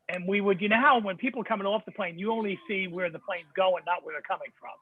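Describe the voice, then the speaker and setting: A man telling stories in a casual group chat over a video call, lively and imitating the voices of the people he quotes. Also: high voice, no room sound. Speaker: book club participant. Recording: tinny phone-like video call audio.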